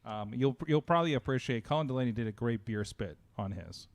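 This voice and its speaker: A man's voice: medium pitch, lively intonation, brisk, very noisy. A man hosting a casual wrestling talk show, chatty, with lots of fillers and restarts. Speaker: podcast host. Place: home studio. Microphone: close studio mic.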